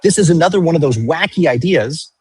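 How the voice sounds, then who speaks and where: Husky male political show host. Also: on the high side, animated, fairly quick, darkish tone, no echo. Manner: stammering restarts, storytelling.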